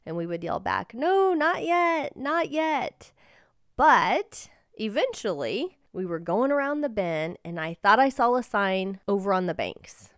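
A woman's voice: mid-range voice, very animated, normal speed, few pauses, dry recording, clean studio sound. A woman hosting a personal storytelling podcast, telling a story in an earnest, encouraging way. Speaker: podcast host and life coach.

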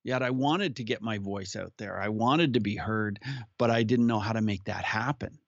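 A man telling his life story as a guest in an interview, speaking earnestly and at an unhurried pace. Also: lowish voice, gravelly, dry recording. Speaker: podcast guest who hosts his own show. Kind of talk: personal storytelling in conversation. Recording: slightly muffled audio.

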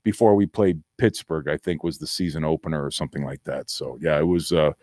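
A man's voice: a bass voice, brisk, darkish tone, no room sound, clean studio sound. A middle-aged man, a former football player, telling a story in a casual interview and acting out the voices he quotes.

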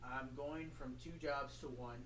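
A man's voice: medium pitch, fairly even intonation, a little slow, a bit bright, rough recording. A man guesting on a casual podcast chat, rambling and earnest, laughing a lot. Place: small home studio.

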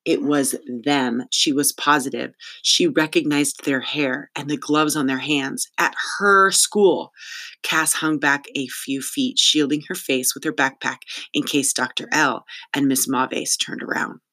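Steady audiobook narrator reading a story. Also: mid-range voice, unhurried. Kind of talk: scripted narration.

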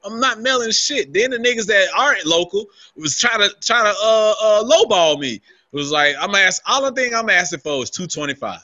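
A man's voice: sits high, a little fast, few pauses, no echo, dull audio. A man co-hosting a podcast, telling a long, heavily profane rant in casual chat and acting out what people said to him. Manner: animated, swears constantly, acts out his own quotes. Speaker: podcast co-host.

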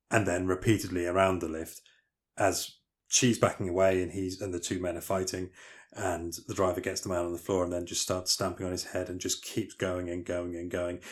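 Podcast co-host, male, very low voice, rambling and detailed scene recaps. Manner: retells film scenes in detail with many fillers and restarts. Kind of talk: casual film discussion podcast.

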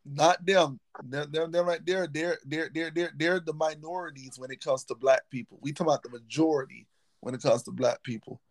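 A man's voice: fairly high pitch, steady tone, brisk, no echo. A man hosting a casual podcast chat, talking emphatically and hammering his points by repeating words. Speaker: podcast host; football coach.

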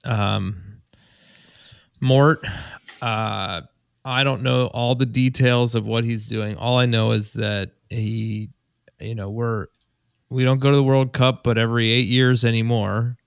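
A laid-back man hosts a casual podcast with jokey banter. He talks slowly in a gravelly voice. The sound is dry and close to the mic. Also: medium pitch, steady tone, dry recording. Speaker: podcast host.

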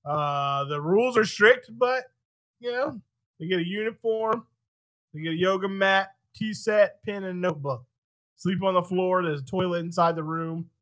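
A man hosting a podcast, chatting casually with a bright, forceful tone. He is animated, swears a lot and laughs between lines. The sound is dry and close. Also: high-pitched, moderate pace, no room sound. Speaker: podcast host. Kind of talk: casual chat.

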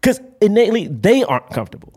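A young man co-hosting a casual film-review podcast, talking in an emphatic, animated way with casual swearing. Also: high voice, quick pace. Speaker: podcast co-host.

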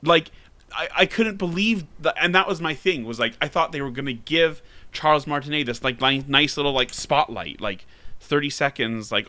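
A young man co-hosting a casual podcast chat, jokey and animated, swearing casually. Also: fairly high pitch, moderate pace.

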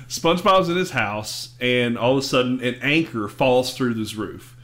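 A man chatting casually as a podcast host, retelling a cartoon episode with animated storytelling. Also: medium pitch, unhurried. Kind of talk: casual chat.

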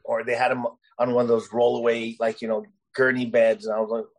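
A man's voice: medium pitch, monotone, a little fast, poor audio. Guest fighter, male, loose rambling delivery, lots of fillers, conversational. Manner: rambling, heavy with "you know" and "uh" fillers. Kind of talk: casual storytelling interview.

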